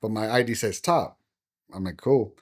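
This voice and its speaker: A man's voice: lowish voice, normal speed. A middle-aged man, a pastor, telling a story on a podcast and acting out the dialogue he quotes. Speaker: pastor and guest.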